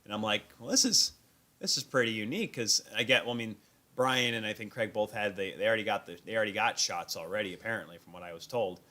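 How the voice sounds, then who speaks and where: A man hosting a live sports talk stream, telling animated, self-deprecating stories about his encounters at an event. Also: lowish voice, fast. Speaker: host. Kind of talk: casual sports chat. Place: remote stream call.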